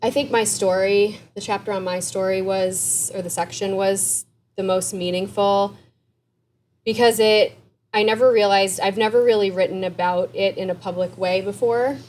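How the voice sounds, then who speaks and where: A woman therapist and author answering interview questions in a candid, conversational way, with quick asides and light laughs. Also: mid-range voice, fairly even intonation, a little mellow, a little hiss or hum.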